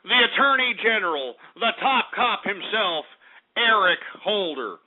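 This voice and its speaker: A Texan man hosting a comedic talk radio show, loud and cursing, shouting in angry outbursts. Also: high-pitched, very animated, measured pace. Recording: tinny phone-like lo-fi audio.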